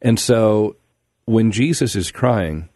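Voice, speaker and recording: Radio host, very low voice, dry studio sound, reflective questioner. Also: male voice, slow pace, mellow, no room sound. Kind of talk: conversational radio interview.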